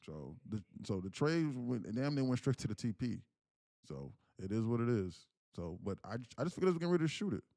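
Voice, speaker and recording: A man's voice: mid-range voice, sing-song, fairly quick, dark tone, no echo, clean studio sound. Laughing casual male trading streamer. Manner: casual, laughs a lot, talks to chat. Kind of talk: live stream commentary.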